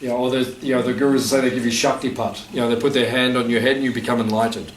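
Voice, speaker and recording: The man talks fast in a steady, medium-pitched voice, positioned far from the mic. As a spiritual teacher in an echoey festival gathering room with faint noise, he gives a loose, joking talk to a live audience, heavy on fillers.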